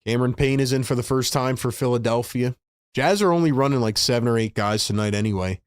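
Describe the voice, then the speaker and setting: A man streaming live fan play-by-play, calling plays and reacting as a frustrated, excitable fan with casual slang. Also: mid-range voice, fast talker, smooth, no echo, clean studio sound. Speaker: livestream host doing fan play-by-play.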